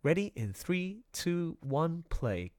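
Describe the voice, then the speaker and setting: A young man hosting a live stream in a casual, playful, animated way, quick to laugh. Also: fairly high pitch, music in the background.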